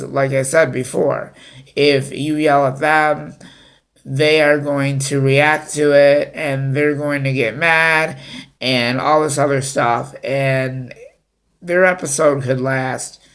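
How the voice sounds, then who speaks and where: Slow, gravelly-voiced man giving advice. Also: medium pitch, fairly bright tone. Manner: halting, many fillers and restarts. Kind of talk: unscripted talk to camera.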